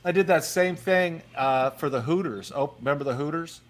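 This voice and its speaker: Comedian from Philly, a man with a raised pitch and animated delivery. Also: moderate pace. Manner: animated storyteller, acts out voices. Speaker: comedian guest. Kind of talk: casual chat, storytelling.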